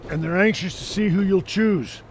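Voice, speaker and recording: A man's voice: high voice, normal speed, a little hiss or hum, close to an everyday voice. A man voicing a businesslike male wrestling coach in a video game, speaking in a firm, matter-of-fact way.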